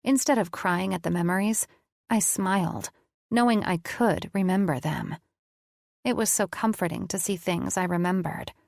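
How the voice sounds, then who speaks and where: A woman reads a first-person audiobook in an intimate, confiding tone. Her voice sits fairly low with a gravelly fry, and the recording is dry and close. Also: normal speed, no room sound. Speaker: audiobook narrator.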